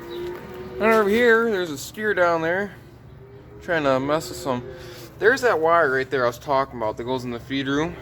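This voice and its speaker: A man giving a relaxed, rambling walk-through tour of his farm barn, talking into a handheld camera. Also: fairly high pitch, normal speed, slight background noise. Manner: easygoing, rambling with many "so yeah" fillers. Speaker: farm vlogger.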